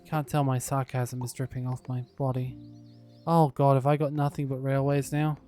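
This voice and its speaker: A man giving relaxed gameplay commentary, muttering to himself with dry, sarcastic asides. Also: medium pitch, normal speed, soft background music. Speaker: gaming YouTuber.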